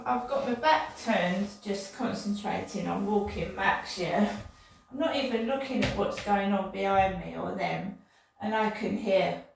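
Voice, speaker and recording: Gravelly older woman, slow and echoey. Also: medium pitch. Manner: indignant, repetitive, digressive. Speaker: vlogger. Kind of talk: casual rambling monologue. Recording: echoey room, distant from mic.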